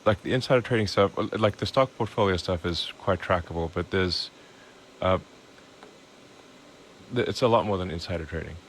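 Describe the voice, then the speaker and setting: A man talking as a podcast guest in a casual interview, halting and full of restarts and fillers. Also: sits low, a little hiss or hum. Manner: halting, repeats words, many fillers.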